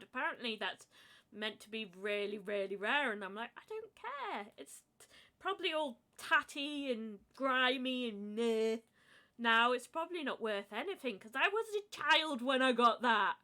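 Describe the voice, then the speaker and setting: A woman's voice: on the high side, lively intonation, moderate pace, sharp tone. A woman co-hosting a podcast in casual chat, giggly and playfully overdramatic. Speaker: podcast co-host.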